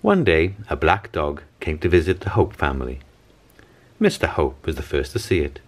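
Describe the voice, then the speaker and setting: A man who hosts his own channel, reading a children's picture book aloud with an expressive storytelling delivery. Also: a bass voice, moderate pace. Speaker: storybook reader, channel host.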